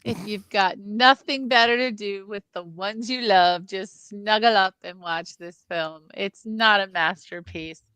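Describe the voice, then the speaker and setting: A woman co-hosting a film podcast, talking in a halting, agreeable way and repeating her words. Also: medium pitch, bright, forceful tone, clean tone, no echo. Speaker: podcast co-host, film reviewer. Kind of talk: casual film review chat.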